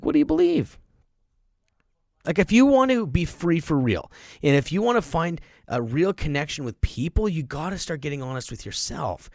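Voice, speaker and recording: In a clean studio recording with no room sound, a middle-aged man with a fairly high voice hosts a podcast. He speaks forcefully in a motivational monologue, performing the voices of those he quotes.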